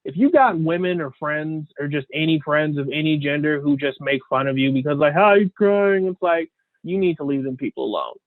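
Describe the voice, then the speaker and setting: A man's voice: fairly high pitch, fairly quick, no room sound. A man co-hosting a podcast, talking earnestly in loose, slangy chat. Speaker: podcast co-host. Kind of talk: casual chat. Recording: dry, phone-like sound.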